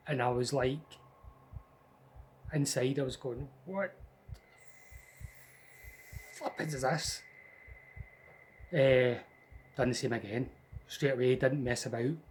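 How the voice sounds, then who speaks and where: A man's voice: mid-range voice, a little mellow, slight background noise, poor audio. A Scottish man telling a true ghost story in a rambling, conversational way with many restarts. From Scotland. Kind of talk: casual spoken ghost story.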